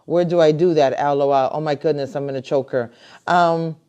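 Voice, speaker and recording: A woman's voice: deep voice, steady tone, fairly quick, smooth. Chatty grandmother hosting a live stream. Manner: chatty and warm-hearted, many fillers and restarts. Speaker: host. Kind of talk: casual live-stream chat. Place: home, at a computer. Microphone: computer mic on a live video call.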